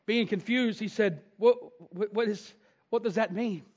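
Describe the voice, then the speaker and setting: High-voiced man preaching a sermon. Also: unhurried, dull audio. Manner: storytelling, swings from hushed to shouting. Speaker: pastor. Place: church sanctuary.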